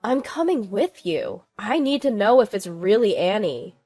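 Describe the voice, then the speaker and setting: A woman voicing a shaken young mother who speaks in a weak, quiet voice, for a storybook narration. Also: mid-range voice, big pitch swings, normal speed, faint music behind. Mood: hurt.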